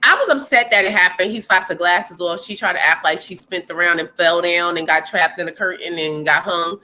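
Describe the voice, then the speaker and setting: A woman co-hosting a casual gossip chat, blunt and animated, often acting out quotes. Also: brisk, a little hiss or hum. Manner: animated, blunt, acts out quotes in high voices. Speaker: co-host.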